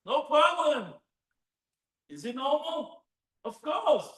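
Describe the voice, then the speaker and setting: A man's voice: very high voice, sing-song, slow pace, fairly bright tone, reverberant, pitched above the performer's own voice, full character voice. A man voicing a wealthy grown son who is astonished and eager to help, firing off incredulous questions in a sermon anecdote.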